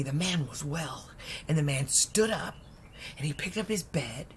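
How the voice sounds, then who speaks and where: A woman preacher retelling a Bible story in a lively, conversational sermon, dropping at times into soft whispers. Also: on the low side, normal speed, a little hiss or hum. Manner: lively, acts out voices, drops to whispers.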